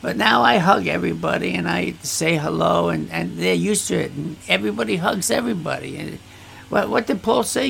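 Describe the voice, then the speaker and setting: A man's voice: high voice, fairly quick, gravelly, a bit bright, a little hiss or hum. A male pastor talking frankly about his church, bluntly, acting out the voices of people he quotes. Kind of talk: casual talk about church life. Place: church in the Philippines.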